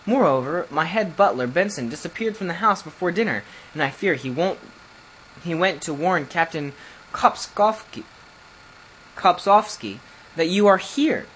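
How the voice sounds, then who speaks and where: A reader voicing an anxious, fussy ambassador lord who speaks formally and climbs into shrill alarm in a storybook reading. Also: expressive, a little slow, a bit bright, slight background noise, low-quality recording. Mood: worried formality.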